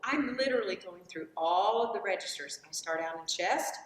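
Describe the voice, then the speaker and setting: A woman voice teacher giving a vocal lesson, stopping to sing demonstration vowels through her registers. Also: moderate pace. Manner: lively, swooping pitch when explaining. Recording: roomy echo, voice from far off.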